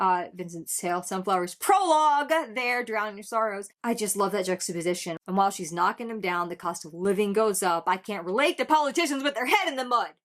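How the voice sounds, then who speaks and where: A woman's voice: medium pitch, a bit bright. A young adult woman hosting a music reaction video, talking in a casual, heartfelt way with sarcastic turns and restarts as she thinks aloud.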